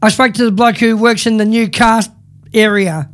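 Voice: mid-range voice, steady tone, normal speed, fairly bright tone. A radio co-host chatting casually, rambling and repeating his words.

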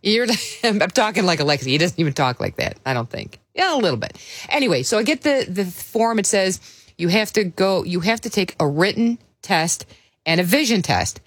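A woman's voice: lowish voice, sing-song, brisk, no echo. A woman hosting a morning radio show, chatting and telling stories in a casual, easygoing way. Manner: chatty, storytelling, laughs easily. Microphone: studio microphone.

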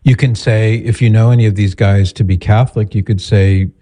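A man speaks with a deep, warm voice, giving measured, direct advice. His delivery is calm and steady. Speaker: host giving advice to a caller. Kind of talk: advice call-in talk.

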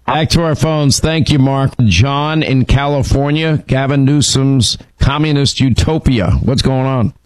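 Talk radio host with a dry, close sound. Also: male voice, medium pitch, a little slow, few pauses, no room sound, low-quality recording. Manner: emphatic, frequent restarts. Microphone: studio microphone.

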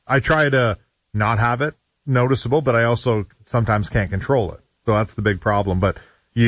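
A man with an Ottawa Valley accent co-hosting a radio show, talking in a relaxed way with some halting restarts. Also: medium pitch, dry recording, muffled recording. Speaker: radio co-host. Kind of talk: casual on-air chat. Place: radio studio.

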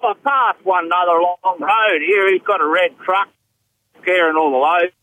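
A farmer with a rural Australian accent rings in to a radio show, relaxed and drawling. His voice is bright and edged, pitched a bit high. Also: normal speed, no room sound, low-quality recording. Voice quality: laid-back, drawling, says mate often. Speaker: caller, farmer. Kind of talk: phone-in chat.

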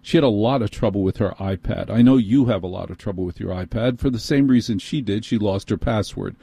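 A man's voice: fairly low pitch, gravelly, dark tone, husky, dry recording. A middle-aged man with a New York accent hosting talk radio, telling a long, exasperated story with sardonic asides. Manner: sardonic, exasperated, quick bursts. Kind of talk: ranting storytelling monologue.

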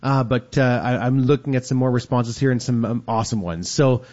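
A man's voice: mid-range voice, steady tone, fairly quick, a little mellow. Chatty male radio host, dull lo-fi sound. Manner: chatty, reads out listener texts. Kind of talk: casual call-in radio chat.

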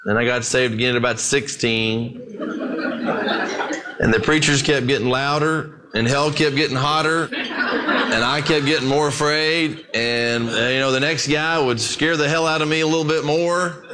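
A man's voice: mid-range voice, fairly even intonation, moderate pace, very noisy. A man preaching a sermon in a conversational, storytelling manner, talking straight to his listeners as "guys".

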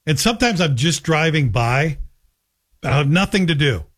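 A man's voice: a little high, expressive, moderate pace, fairly bright tone. A middle-aged man hosting a talk radio show in a chatty, joking monologue. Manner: chatty, joking, self-deprecating. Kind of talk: casual monologue.

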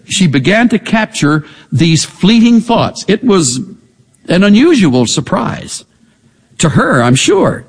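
A man preaching a sermon, animated and emphatic, pressing his listeners with pointed rhetorical questions. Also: high voice, slow pace, slightly rough. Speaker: pastor. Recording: echoey hall.

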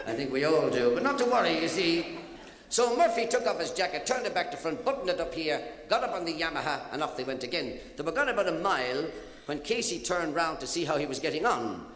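A man's voice: a little high, fairly bright tone. A man with an Irish accent telling jokes on stage, chuckling at his own punchlines. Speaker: stand-up comedian. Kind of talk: live stage joke-telling. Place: stage in a large venue. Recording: echoey hall, audience noise.

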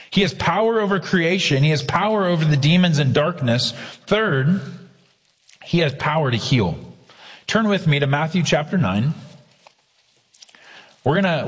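A man preaching a sermon, earnest, slowing down hard to stress key lines. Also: fairly high pitch, big-room sound. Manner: earnest preaching with slow emphatic quotes. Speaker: pastor.

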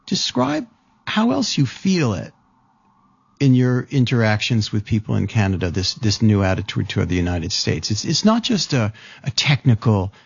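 A man's voice: on the low side, huge pitch swings, moderate pace, vocal fry, husky, dry recording, lo-fi sound. A man interviewing a guest, asking long, thoughtful questions with some restarts. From lives in New York.

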